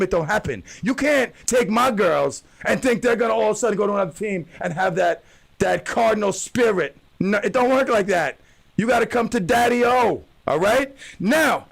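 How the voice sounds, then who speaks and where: Male radio host, New edge, high raspy voice, brash ranting delivery. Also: poor audio. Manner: loud, ranting, mocks whiners in a wailing voice. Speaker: radio host and softball coach. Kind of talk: animated radio monologue.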